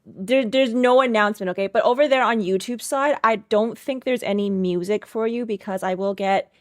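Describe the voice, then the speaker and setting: A woman's voice: medium pitch, moderate pace, no room sound, studio quality. A woman live-streaming from home, chatting casually and rambling as she greets viewers by name and talks through her setup.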